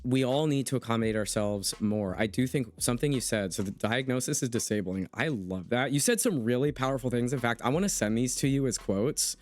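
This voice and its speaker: This podcast host, a young man from the United States, talks brisk and earnest with few pauses, stressing his points as he reads chat comments in a casual conversation. His medium-pitched voice has a darkish tone, and soft music plays behind him.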